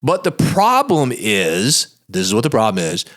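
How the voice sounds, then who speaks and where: A man's voice: mid-range voice, wildly swooping pitch, measured pace, a bit bright. A man, a lawyer hosting his own show, telling a story in a blunt, folksy, emphatic way in a monologue podcast. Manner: plain-spoken and blunt.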